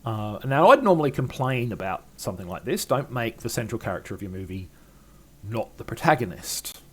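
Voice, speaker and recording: A man's voice: on the low side, sing-song, a little fast, fairly bright tone, slightly rough. Older man reviewing an old film. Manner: chatty and wry, many ums and uhs. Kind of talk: casual film review monologue.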